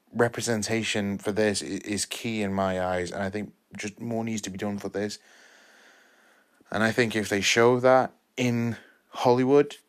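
An earnest young man with a fairly low voice gives an impassioned solo monologue. He circles back on his points, stumbling through halting restarts as he presses on. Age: 20s. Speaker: podcast film reviewer.

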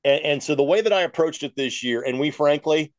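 A middle-aged man, a play-by-play broadcaster, telling long stories in an interview in a steady, matter-of-fact way. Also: a little high, a little fast, no echo, highs cut off. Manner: talks at length, steady and matter-of-fact, acts out what he told callers.

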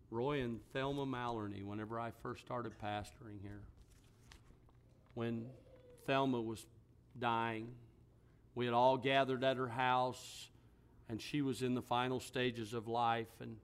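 A middle-aged man, a pastor, preaching a sermon. He tells a story in a low, quiet voice and then builds to loud, forceful emphasis. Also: steady tone, unhurried, a little hiss or hum. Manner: storytelling, drops to a hushed voice for quoted words, then rises with emphasis.

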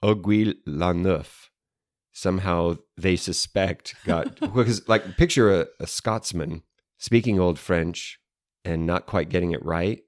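A man's voice: low-pitched, measured pace, no room sound, clean studio sound. A man co-hosting a casual chat show, explaining history in an easy, playful way. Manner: explanatory, playful with mock French phrases. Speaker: podcast co-host.

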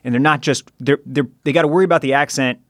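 A man's voice: a little high, quick pace, fairly bright tone, dry recording, studio quality. Eager man chiming in on a podcast. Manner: eager, chimes in with asides and explanations. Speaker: podcast co-host. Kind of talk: casual chat. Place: recording studio.

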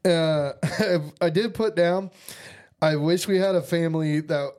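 Male co-host, slightly high voice, swears constantly, laughs easily. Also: unhurried, darkish tone, clean tone. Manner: profane, enthusiastic, laughs often. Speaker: podcast co-host. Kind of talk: casual movie chat.

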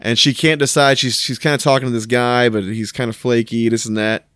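A man's voice: fairly even intonation, a little fast, a bit bright, clean tone, dry recording. Man retelling a sitcom, dry mic. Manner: acts out characters in high put-on voices. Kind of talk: casual chat recapping a sitcom episode.

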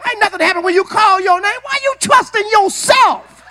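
Man, preacher, very high voice, bright and forceful, call-and-response sermon, shouting, repeats words. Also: moderate pace. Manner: repeats words and restarts often. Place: church sanctuary.

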